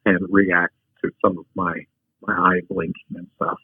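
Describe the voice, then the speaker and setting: Husky man telling his story over a tinny line. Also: deep voice, level tone, normal speed, no room sound. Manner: frank, take-charge storyteller with many restarts. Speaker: podcast guest. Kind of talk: personal storytelling.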